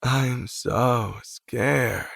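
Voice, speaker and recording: A man's voice: medium pitch, takes it slowly, vocal fry, husky, no echo, studio quality, full character voice. A man playing a reckless young man who teases and mocks with a manic grin. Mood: mocking. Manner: teasing, mocking.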